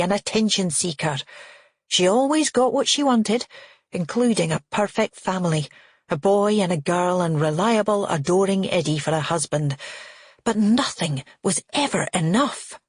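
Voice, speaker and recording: A woman's voice: medium pitch, expressive, normal speed, husky, dry recording, studio quality. A woman doing a bitter, sneering aunt. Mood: cold. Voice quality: sneering, contemptuous. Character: disapproving older aunt, bitter and scornful.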